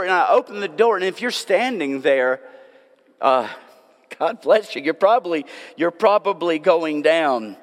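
A pastor delivering a sermon, a man with a somewhat high voice. He tells self-mocking stories at an unhurried pace, then drops to hushed, drawn-out words. The church sanctuary carries a long, echoing reverb. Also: expressive.

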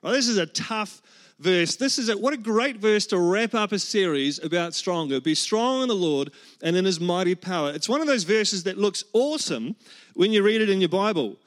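Pastor guy cracking jokes in a sermon, highish voice, acts out little bits. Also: lively intonation, normal speed. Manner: joking, storytelling with acted-out quotes. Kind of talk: humorous sermon.

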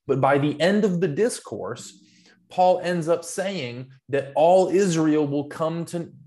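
Co-host, male, mid-pitched: earnest long-winded explainer in casual discussion. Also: a little mellow. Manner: earnest, rambling explanations with restarts. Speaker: podcast co-host.

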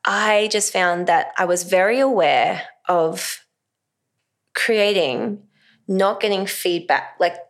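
A woman guest chatting casually about her films and creative work, lively and playful, laughing often. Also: medium pitch, slow pace. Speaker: podcast guest, actor and filmmaker. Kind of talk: casual interview chat.

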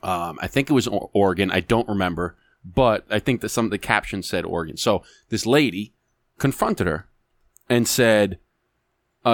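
A man co-hosting a podcast in casual chat, talking in a blunt, animated, profane way. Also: lowish voice, moderate pace, no echo, studio quality. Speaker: podcast co-host.

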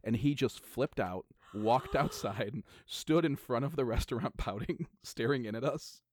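A man in relaxed conversation, reflecting and telling a story about a friend, chuckling as he talks. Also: mid-range voice, normal speed, dry recording, clean studio sound. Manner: easygoing, reflective, chuckles while talking. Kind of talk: casual chat.

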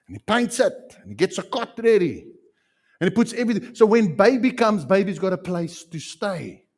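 A man preaching a sermon as pastor, animated and repeating phrases for emphasis. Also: on the high side, slightly rough.

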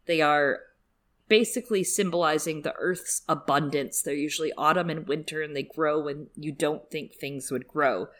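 Low-voiced wry woman podcaster. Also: normal speed, fairly bright tone. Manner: wry, joking asides. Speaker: podcast co-host. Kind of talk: casual chat.

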